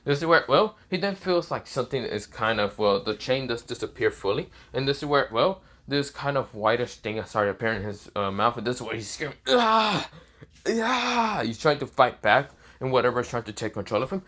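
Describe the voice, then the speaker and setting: A man's voice: medium pitch, a little fast, hardly any pauses, fairly bright tone. A man retelling a fan story casually, rambling with many fillers.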